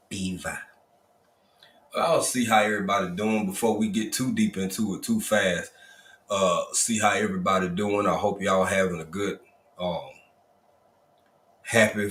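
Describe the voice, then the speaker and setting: A man's voice: low voice, fairly bright tone, roomy sound. A man hosting a casual livestream, greeting viewers one by one in a folksy, easygoing manner. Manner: folksy, drawling Southern Black vernacular, repeated greetings. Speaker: livestream host.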